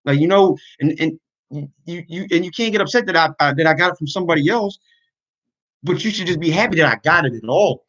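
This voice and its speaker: A man's voice: on the high side, animated, fairly quick, fairly bright tone, lo-fi sound. A man talking earnestly to his online community in a casual livestream, venting his frustrations. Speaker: YouTuber and podcaster.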